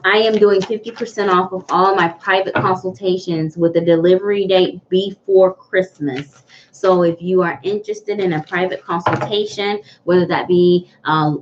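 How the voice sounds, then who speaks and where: A woman hosting a live tarot reading, speaking earnestly to viewers and often repeating herself. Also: on the low side. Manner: earnest, repetitive, greets viewers by name. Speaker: tarot reader hosting a livestream. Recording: dull lo-fi livestream audio with faint noise.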